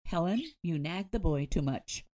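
A woman's voice: fairly low pitch, animated, moderate pace, mellow, dry recording, close to an everyday voice. A woman voicing a hearty, joking father who teases his wife and son. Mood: jovial. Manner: jovial, teasing.

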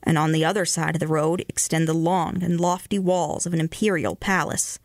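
A woman radio host reading ghost stories aloud in a measured way, slowing and hushing for the eerie parts. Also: deep voice, steady tone, no room sound, studio quality. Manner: measured, slows and hushes for eerie moments.

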